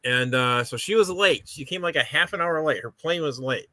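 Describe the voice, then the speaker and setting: A man chatting as a comedian guest, hesitant with fillers before lively anecdotes. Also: fairly high pitch, moderate pace, dry recording. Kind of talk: casual chat.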